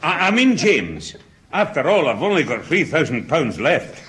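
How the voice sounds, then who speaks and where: A man's voice: on the high side, very animated, normal speed, a bit bright. An actor playing a blustering, put-upon old grandfather in a 1960s radio comedy. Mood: flustered. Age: older. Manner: blustering, flustered.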